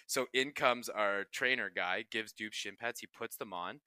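Young man, podcast co-host, bright tense voice, clean dry sound, casual storytelling with lots of laughs. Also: medium pitch, lively intonation, normal speed, clear, resonant tone, dry recording. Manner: laughs often while telling stories, swears casually.

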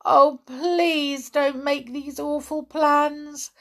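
A woman's voice: fairly even intonation, extremely slow, exaggerated voice. A woman reading aloud, voicing a timid, easily frightened little girl who pleads. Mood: horrified. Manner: pleading, high and shrill.

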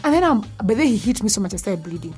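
A young woman, candidly telling a personal story and dropping to a hushed voice when it gets frightening. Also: mid-range voice, sing-song, fast. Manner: candid, intense, drops to a hushed voice at scary parts. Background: faint music.

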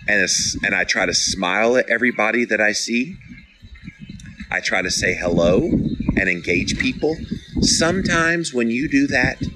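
In a low-quality recording, a middle-aged man with a fairly low, pushed, bright voice hosts a podcast. He reads listeners' live comments and cheers them on in a casual motivational talk that's earnest, encouraging and playfully dramatic.

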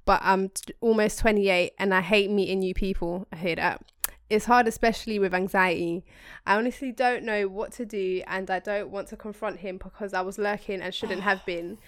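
Young woman, podcast co-host, smooth crisp voice, dry close sound, slangy and animated. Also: medium pitch, dry recording. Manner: animated, slangy, quick asides. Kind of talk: casual chat, reading a listener email aloud.

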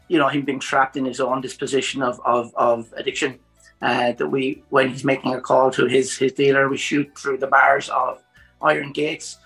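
A man, a director of photography, explaining his work at length in a thoughtful, measured way. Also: mid-range voice, sharp tone, low-quality recording. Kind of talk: podcast interview.

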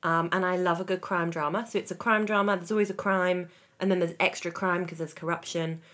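A woman's voice: fairly low pitch, steady tone, a little fast, a bit bright. A woman from the West Country of England with an English accent, co-hosting a podcast in chatty, teasing banter. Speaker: podcast co-host. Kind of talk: casual chat.

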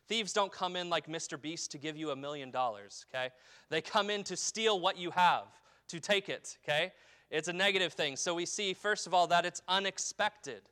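A man preaching a sermon as pastor, reading scripture in a slow falling cadence and explaining it with emphatic rises and a frequent "okay?". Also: a little high, sharp tone, smooth.

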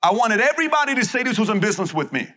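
A man's voice: high-pitched, big pitch swings, rapid-fire, bright, forceful tone. A man giving a live seminar speech to an audience, emphatic and punchy, repeating his key phrases. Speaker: motivational speaker.

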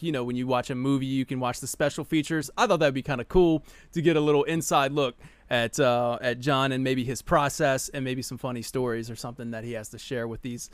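A man's voice: mid-range voice, steady tone, brisk, no echo. A man hosting a live podcast in casual chat, hyped and laughing often, restarting his sentences. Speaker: podcast host.

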